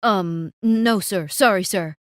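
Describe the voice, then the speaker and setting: A woman voicing a pompous male cafe manager who shouts at everyone, then begs, in a storytime narration. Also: medium pitch, slow pace, dry recording, clean studio sound, close to an everyday voice. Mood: groveling. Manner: shouting, blustering then pleading.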